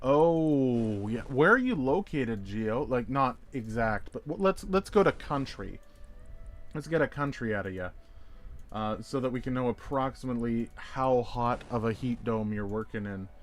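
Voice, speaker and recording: A man's voice: medium pitch, expressive, measured pace. A man streaming a game, chatting casually and rambling as he reacts to viewers' messages with playful jokes. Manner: jokey, playful wordplay. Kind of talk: casual gameplay chat.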